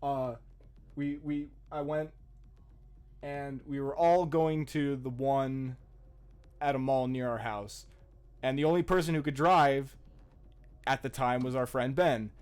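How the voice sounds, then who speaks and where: A man's voice: mid-range voice, slow, pauses often, clean tone. Profane young man telling a story. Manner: profane, laughing, animated retelling. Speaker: podcast co-host. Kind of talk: casual storytelling.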